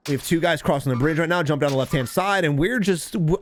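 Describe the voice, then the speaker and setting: A man coaching viewers over game footage, deliberately dramatic and emphatic, talking straight to his audience. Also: fairly high pitch, slight background noise. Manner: addresses viewers and chat directly. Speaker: gaming coach commentator. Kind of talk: gameplay commentary and tips.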